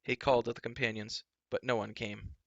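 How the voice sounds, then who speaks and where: A man reading a fantasy storybook aloud in steady, dramatic narration, on a dull lo-fi recording. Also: medium pitch, fairly quick, creaky, no echo. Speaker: reader.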